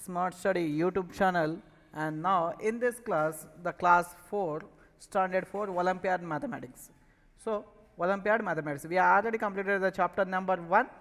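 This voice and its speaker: A man's voice: high voice, moderate pace, a bit bright, in a large hall, low-quality recording. A man with an Indian English accent teaching a maths lesson, repeatedly asking questions and answering them himself. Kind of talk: online classroom lesson.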